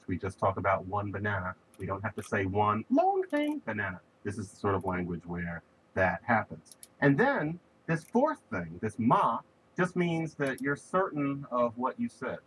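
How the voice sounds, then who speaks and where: Lively-voiced man lecturing on language. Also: on the low side, normal speed, slight background noise, low-quality recording. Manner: explains with spoken examples, emphatic stress on key words. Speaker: linguistics lecturer. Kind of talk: recorded lecture.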